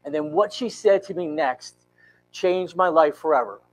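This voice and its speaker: A man in his fifties, a pastor, telling an emotional personal story in a church sermon with earnest, halting restarts. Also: a little high, expressive, soft background music, rough recording. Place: church sanctuary.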